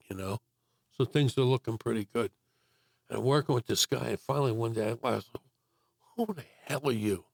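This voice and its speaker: A man's voice: lowish voice, no room sound, studio quality. An older man telling his life story in a casual interview, rambling with many fillers and acting out quotes.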